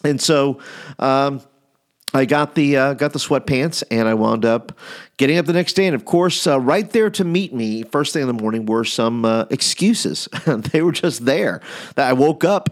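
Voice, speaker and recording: Brief: man in his forties, youth ministry speaker, casual and rambling, mid-pitched. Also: normal speed. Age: 40s. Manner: rambling, many fillers and restarts, animated storytelling. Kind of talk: casual teaching talk.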